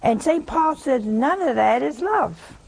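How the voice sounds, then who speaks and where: A woman's voice: high-pitched, animated, unhurried, vocal fry, a little mellow, slight background noise, low-quality recording. A woman preaching a sermon in a folksy, teasing way, often asking her listeners questions.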